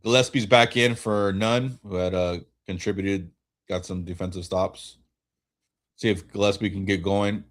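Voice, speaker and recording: A man streaming a watch-along, giving relaxed fan play-by-play while tired and yawning, often restarting his sentences. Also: lowish voice. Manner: relaxed, rambling calls with frequent self-corrections. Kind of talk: casual fan play-by-play commentary.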